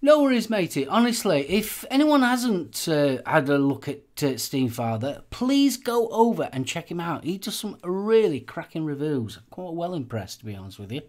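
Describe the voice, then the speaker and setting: Bloke chatting on a live stream, rambly, voice jumps up and down a lot. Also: male voice, on the high side, big pitch swings, normal speed, hardly any pauses. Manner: chatty, rambling, with many fillers and repeated phrases. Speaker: host of a live vaping channel show. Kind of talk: casual live-stream chat.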